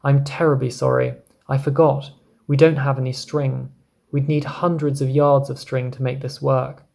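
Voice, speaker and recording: A man's voice: medium pitch, little pitch movement, moderate pace, vocal fry, darkish tone, lightly acted. A man voicing a young boy who patiently and earnestly explains his plan in a storybook reading. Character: young boy, calm and determined.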